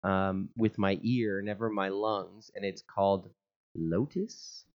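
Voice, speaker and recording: A man's voice: low-pitched, fairly even intonation, slow pace, darkish tone, dull audio. A man co-hosting a casual podcast, trading dry jokes and banter. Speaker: podcast co-host. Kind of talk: casual chat.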